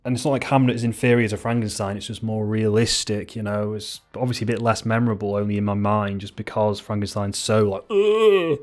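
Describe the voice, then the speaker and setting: A young man giving casual, unscripted film commentary, rambling and swearing, mocking himself and breaking into sudden high-pitched exclamations. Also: flat delivery, fast, hardly any pauses.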